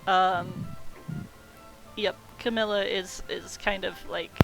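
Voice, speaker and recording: A woman narrating a tabletop game as game master, relaxed and full of fillers. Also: medium pitch, takes it slowly, creaky, soft background music, low-quality recording.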